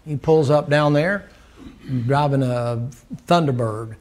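A man's voice: medium pitch, takes it slowly, a little mellow. An older man preaching a sermon, telling a folksy story, laughing and acting out the dialogue.

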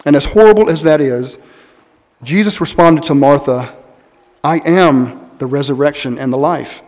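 A male pastor delivers a sermon in a church, his voice slightly higher than most men's. He is earnest and leans on key words slowly, and long reverb from the hall trails each phrase. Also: a little mellow. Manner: earnest preaching with slow, weighty emphasis. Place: church sanctuary.

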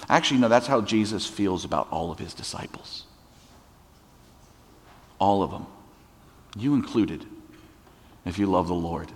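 A man's voice: sits low, unhurried, pauses often. A man preaching a sermon as a pastor, conversational, with humorous asides. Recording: long church hall reverb.

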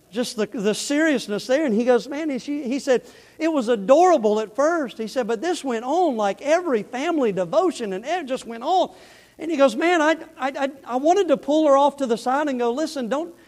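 A man preaches in a church sanctuary, his words trailing into a long reverb. He tells his story animatedly, at times close to shouting, then turns quiet and earnest when he speaks to the congregation. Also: extremely high pitch, normal speed. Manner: animated, rising to near-shouting in the story, dropping soft and earnest for the appeal. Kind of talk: sermon with storytelling.

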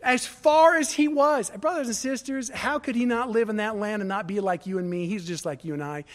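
A man's voice: high voice, brisk. A middle-aged male pastor delivering a sermon, building emphasis through repeated phrases and rising intensity. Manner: preaching with swelling emphasis and repetition.

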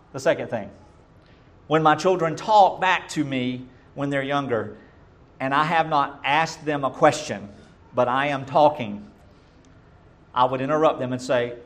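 A middle-aged man preaching a sermon as pastor, emphatic, swinging between loud bursts and quiet asides. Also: mid-range voice, a little slow.

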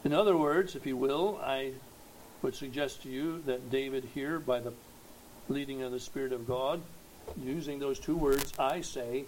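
A man preaching a sermon, slow and emphatic, rising to loud exhortation at its peaks. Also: medium pitch, slight background noise, rough recording.

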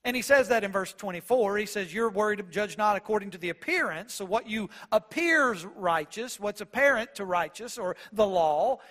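Male pastor with a high voice, earnest expository preaching that swells to loud proclaiming, reads old-style scripture. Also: expressive, normal speed, few pauses. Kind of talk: expository sermon.

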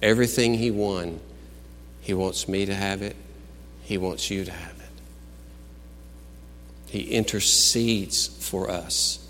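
A male pastor preaches at an unhurried pace, his words ringing out in a large, echoing hall. He climbs to loud, exclaimed declarations and then drops to quiet, musing retellings of film scenes. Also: deep voice, steady tone, a little hiss or hum. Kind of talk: sermon.

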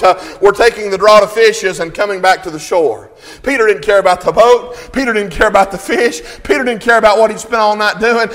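A fervent male preacher with a high-pitched voice delivers an impassioned sermon. His voice rings with a long hall reverb as he reads King James scripture and swells toward shouting. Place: church service.

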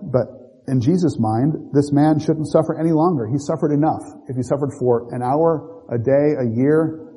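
A man's voice: mid-range voice, warm tone, husky. A man teaching a Bible study, asking his listeners questions and acting out small everyday scenes. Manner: asks listeners questions, acts out little scenes. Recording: long reverb in a hall.

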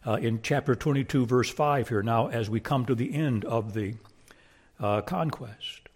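A man preaching a sermon, emphatic and repeating his key phrases, swinging from raised, pressing lines to hushed, low ones. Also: a little slow.

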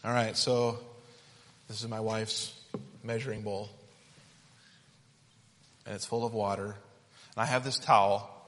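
A man's voice: fairly low pitch, level tone, a little slow, pauses often, fairly bright tone, big-room sound. A man preaching a sermon built around a hands-on object lesson, talking in a conversational, playful and demonstrative way.

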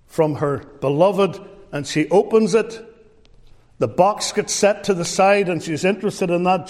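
High-voiced preacher in a reverberant hall. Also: male voice, a little mellow. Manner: storytelling, emphatic. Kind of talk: sermon.

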